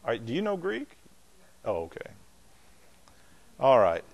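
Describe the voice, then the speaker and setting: A man's voice: mid-range voice, wildly swooping pitch, a little slow, creaky, husky, muffled recording. A pastor, a man, teaching a Bible class in a loose, conversational way, with restarts and asides to his students. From not from the American South.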